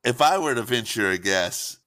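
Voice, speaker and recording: A man's voice: medium pitch, lively intonation, normal speed, pushed and bright. A man who is a comedian guest on a podcast, making wry jokes and laughing at them. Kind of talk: casual comedy chat.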